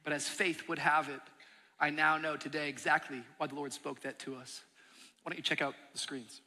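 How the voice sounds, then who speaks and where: A man's voice: fairly high pitch, level tone, normal speed, pushed and bright. A man in his thirties, a pastor giving a sermon, telling his church's story earnestly and building to emphatic peaks. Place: large church auditorium. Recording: long hall reverb from a large auditorium.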